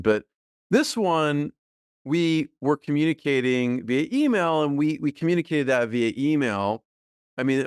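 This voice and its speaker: A middle-aged man, a podcast guest, talking casually and thoughtfully with many fillers and soft laughs. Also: medium pitch, clean tone, no echo, studio quality. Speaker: podcast guest, business co-founder. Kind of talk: casual interview conversation.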